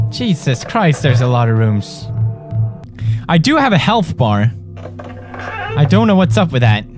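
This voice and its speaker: Excitable swearing man playing a horror game. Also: mid-range voice, normal speed, pauses often. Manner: loud, excitable, swearing, yelping at scares. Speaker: gamer. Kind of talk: gaming commentary. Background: game music.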